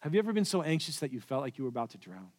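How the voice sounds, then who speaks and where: A man preaching a sermon in a church, telling the story with swings from loud to hushed. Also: mid-range voice, very animated, very fast. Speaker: pastor. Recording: long reverb of a large hall.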